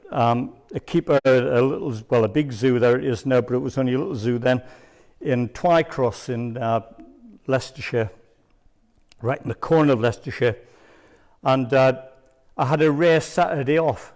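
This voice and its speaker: Brief: older male church speaker, mid pitch, meandering anecdotal sermon. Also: darkish tone. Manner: rambling, hesitant storyteller with many ums. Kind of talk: sermon testimony.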